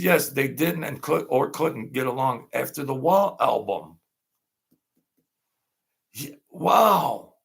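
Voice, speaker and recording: A man hosting an unscripted live-stream chat, rambling and animated, laughing often as he talks. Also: mid-range voice, vocal fry, husky. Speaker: channel host.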